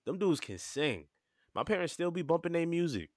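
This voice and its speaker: A man voicing a doubtful young roommate, teasing, lively pitch, slangy, audio drama. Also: normal speed. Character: sleepy, skeptical young man, joking. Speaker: Ronnie, the roommate.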